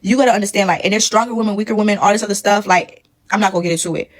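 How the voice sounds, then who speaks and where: A woman's voice: mid-range voice, very fast, poor audio. A woman, emphatic and preachy, telling a casual storytime about her past relationship.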